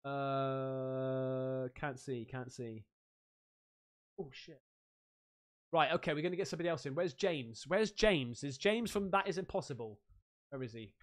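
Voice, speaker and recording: A man hosting a casual livestream, excitable and slangy, reading out chat and donations. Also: a little high, moderate pace, pauses often. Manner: excitable, slangy, swearing, laughs a lot. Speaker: livestream host. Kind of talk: casual live-stream chat.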